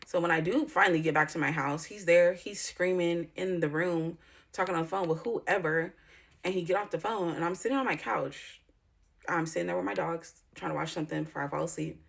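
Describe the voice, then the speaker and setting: A woman's voice: fairly low pitch, normal speed, vocal fry, breathy edge. A woman in her thirties telling a personal story in a vlog, talking in a raw, profane, emotional way with lots of fillers. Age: 30s. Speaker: vlogger.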